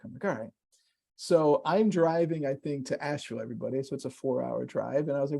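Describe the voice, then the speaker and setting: A man's voice: a little high, fast talker, vocal fry, mellow. A man hosting an online session, introducing a guest in a loose, rambling way with many fillers and restarts. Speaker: webinar host introducing a guest. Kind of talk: casual conversational introduction. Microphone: video call.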